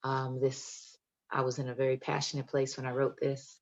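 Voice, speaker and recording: Low-voiced woman poet on a video call. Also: level tone, moderate pace, highs cut off. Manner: emphatic, playful and talkative. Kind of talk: poetry reading and chat.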